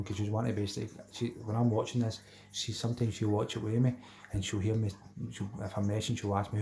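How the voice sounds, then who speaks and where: A man's voice: on the low side, little pitch movement, fast, warm tone. A middle-aged Scottish man hosting a live stream, chatting casually with viewers and reading out their comments, repeating himself and calling everyone mate.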